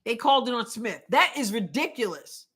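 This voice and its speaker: A woman's voice: on the high side, animated, brisk, a bit bright. A woman hosting a live watch party, reacting emotionally and indignantly to a basketball game as it unfolds. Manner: emotional, exclaiming, indignant about calls. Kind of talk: live reactive sports commentary.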